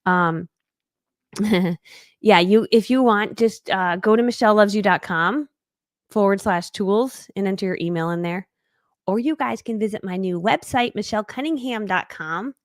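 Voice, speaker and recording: A woman's voice: mid-range voice, moderate pace, dry recording, studio quality. A woman in her thirties from New England, leading a live online training as a business coach, talking in a bubbly, chatty way with playful acted quotes. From New England, United States.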